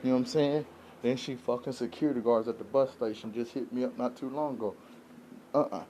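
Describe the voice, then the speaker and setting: A man's voice: mid-range voice, brisk, dark tone, slight background noise. A man talking straight to his camera in an unscripted vlog, venting in a rambling, aggrieved way and often checking in with his listeners. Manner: rambling, aggrieved venting, keeps asking "you know what I'm saying". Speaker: vlogger.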